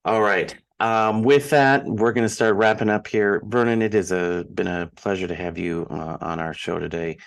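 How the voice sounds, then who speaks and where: A man's voice: on the low side, fairly even intonation, moderate pace, gravelly, few pauses. A man with a Minnesotan accent hosting an interview, asking playful questions in a casual way. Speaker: podcast host.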